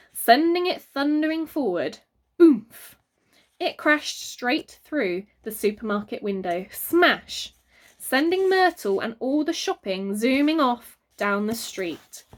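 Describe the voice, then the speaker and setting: A woman reads a children's storybook aloud with lots of expression and playful sound effects. Her voice is fairly high and her pace unhurried. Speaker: reader.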